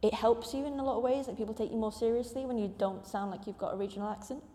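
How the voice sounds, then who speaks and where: A woman's voice: on the high side, fairly even intonation, rapid-fire, mellow. A young woman with a neutral English accent and Mancunian touches, a panel guest chatting in a self-deprecating way. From Denmark and Manchester. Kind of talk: casual discussion. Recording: roomy hall reverb.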